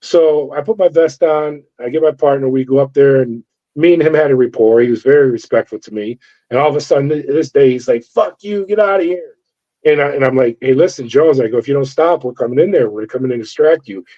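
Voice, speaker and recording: A middle-aged ex-corrections officer talks fast in a mid-range voice as he relates a story during an interview. He animatedly performs the dialogue of everyone involved. The recording sounds dull and lo-fi.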